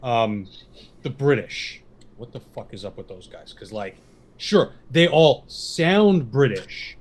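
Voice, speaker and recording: A man's voice: medium pitch, big pitch swings, slow pace. A man on a casual podcast, crude and joking. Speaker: podcast co-host.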